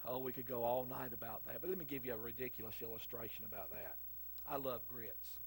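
A middle-aged Southern preacher with a husky, slightly breathy voice at an ordinary pitch. He tells homespun stories in a folksy drawl and breaks into loud emphatic bursts. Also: quick pace. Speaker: pastor. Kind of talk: sermon.

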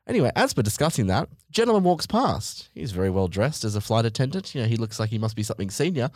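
A man's voice: medium pitch, sing-song, quick pace, a little mellow, no echo, clean studio sound. A man hosting a podcast, telling a comedic story in a sweary, mock-outraged way.

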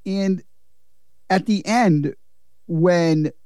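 A man's voice: high voice, very slow, smooth, dry recording, clean studio sound. A man hosting a casual film-review chat, laughing and swearing often. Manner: laughing, profane, animated. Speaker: podcast host.

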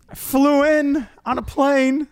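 A rabbi from New York telling a funny story in a casual chat, animated and laughing, acting out other people's lines. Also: male voice, very high-pitched, a little hiss or hum. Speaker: rabbi and podcast host.

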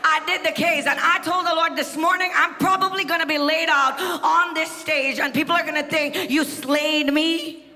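A Trinidadian woman preaching a sermon on stage, moving between quiet confiding asides and shouted, rising testimony. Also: high-pitched, fairly even intonation, moderate pace, big-room sound. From Trinidad and Tobago. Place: large church hall on stage.

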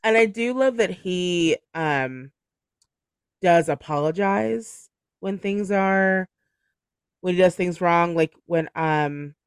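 A man with a fairly high voice hosts a relaxed book club podcast. He laughs often and strings his thoughts together with lots of "like". The sound is dry and close. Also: slow pace, clean tone, dry recording. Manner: chatty, laughs often, fills with "like". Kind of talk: casual chat.

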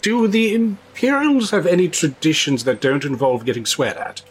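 A man's voice: on the high side, normal speed, slightly rough. A man at a tabletop game, voicing his character in a prim, formal drawl. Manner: plays a prim, formal elf with a posh drawl. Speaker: player. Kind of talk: tabletop role-play, in and out of character.

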